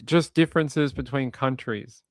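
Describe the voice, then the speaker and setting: An Australian livestream host reads out viewer comments in casual live chat, relaxed and chuckling between thoughts while often repeating himself. His voice is medium-pitched and measured, with no room sound.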